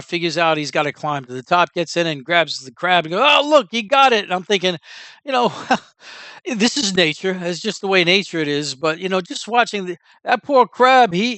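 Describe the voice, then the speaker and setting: A man's voice: a little high, bright, forceful tone, clear, resonant tone, dry recording. Rambling, blunt man commentator. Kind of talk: casual opinion monologue.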